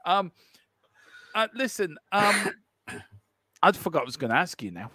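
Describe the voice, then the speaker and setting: A man's voice: high-pitched, big pitch swings, a little slow, sharp tone. A man with a Cork Irish accent, co-hosting a live football stream, teasing and laughing through rambling banter full of fillers. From Ireland. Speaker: co-host of a football watchalong stream.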